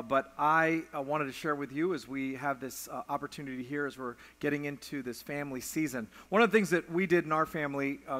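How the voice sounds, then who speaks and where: A middle-aged pastor with a fairly high, fairly bright voice tells a personal story during his sermon, often pausing on "uh". His words ring through the church sanctuary with a long hall reverb.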